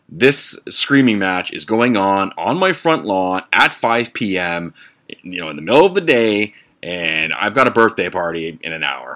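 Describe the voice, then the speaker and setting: A man's voice: deep voice, sing-song, measured pace, pushed and bright. A man hosting a podcast, telling a story in a blunt, profane, exasperated rant. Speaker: podcast host.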